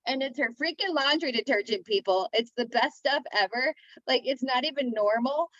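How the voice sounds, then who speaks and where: Enthusiastic woman co-host, slightly high voice, chatty, dry muffled video-call sound. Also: moderate pace, fairly bright tone, dry recording. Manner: enthusiastic, laughs easily. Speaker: round-table co-host. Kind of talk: casual chat.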